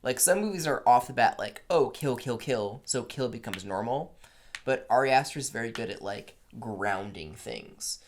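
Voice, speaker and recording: A young man co-hosting a casual film review, summarizing the plot in quick, joking quoted bits. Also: medium pitch, lively intonation, a little hiss or hum.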